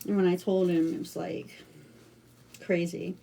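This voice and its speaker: A middle-aged American woman chats through a craft livestream in a relaxed, rambling way, full of fillers and restarts. Her voice is mellow and soft-edged. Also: lowish voice, unhurried, creaky. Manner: chatty, rambling storytelling with many fillers. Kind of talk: casual livestream chat.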